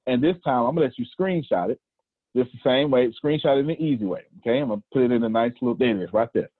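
A husky Southern American man in his forties leads a motivational call, preaching in animated bursts and circling back over his own phrases. His voice reaches us through a tinny, phone-like video call line with a close, dry sound. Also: mid-range voice, rapid-fire, no echo. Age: 40s. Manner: animated, preachy, repeats phrases, talks to the group. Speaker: host of a coaching call.

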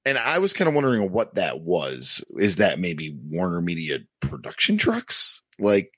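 A man's voice: sits low, wildly swooping pitch, normal speed, fairly bright tone, no echo, studio quality. A man co-hosting a business podcast, talking casually and reading quotes aloud with frequent fillers. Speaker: podcast co-host.

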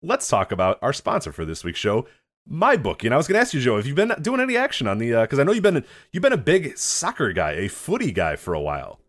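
A man's voice: medium pitch, huge pitch swings, fast. A man co-hosting a podcast, teasing his partner and laughing often in casual banter. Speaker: podcast co-host.

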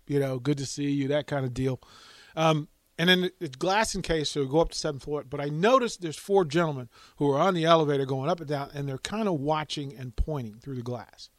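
An excitable male radio sports reporter telling a story on air and tripping over his own restarts. His voice sits fairly high, and the sound is dry and close to the mic. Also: no room sound. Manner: animated, excitable storyteller who restarts often.

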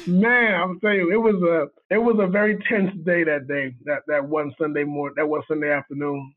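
A man's voice: fairly high pitch, flat delivery, a little fast. A man, a guest cinematographer, telling a story in casual chat, acting out quoted dialogue and laughing often. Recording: tinny phone line.

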